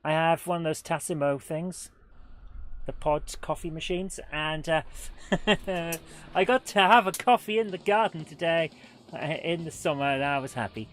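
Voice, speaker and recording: A woman's voice: low voice, moderate pace. A woman hosting a live game stream, chatting in a rambling, self-deprecating way while she plays and greets viewers. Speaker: livestream gaming host. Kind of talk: live gameplay commentary with chat.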